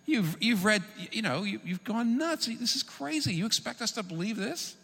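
A man putting on a scoffing high-pitched governor. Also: animated, moderate pace, vocal fry, bright, forceful tone, breathy edge, exaggerated voice. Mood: incredulous. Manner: mocking, exasperated. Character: scoffing ancient male governor, incredulous. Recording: long reverb in a large hall.

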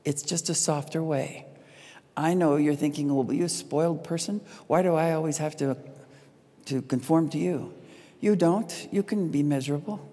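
A middle-aged woman speaking to an audience about relationships, a lively storyteller who acts out the lines she quotes. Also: low voice, normal speed, slight background noise. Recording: long hall reverb.

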